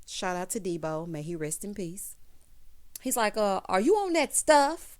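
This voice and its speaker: Female recap host, sassy, lively pitch, chatty. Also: normal speed. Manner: sassy, animated, calls listeners honey and child. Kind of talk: casual recap commentary.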